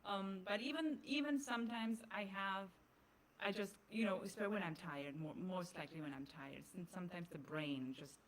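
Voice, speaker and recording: A woman's voice: mid-range voice, normal speed, a little hiss or hum. A woman with a German accent, German her first language, co-hosting a podcast in casual chat, laughing often and mixing in Spanish words. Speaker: podcast co-host.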